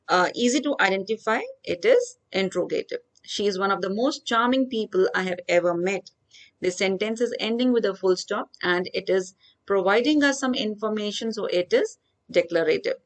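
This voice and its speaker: A woman teaching grammar. She reads each worksheet example slowly, then explains the answer step by step. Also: mid-range voice. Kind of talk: worksheet walkthrough lesson.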